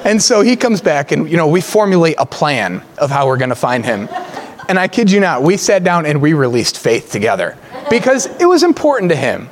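A man preaching as a pastor, telling a story with humor, laughing often and jumping much higher in pitch when excited. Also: fairly quick. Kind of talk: storytelling sermon.

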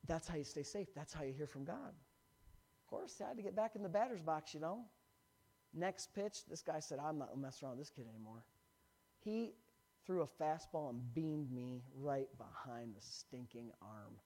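A man preaching a sermon, telling a personal story in an animated way and building to emphatic points. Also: on the high side, moderate pace. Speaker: pastor.

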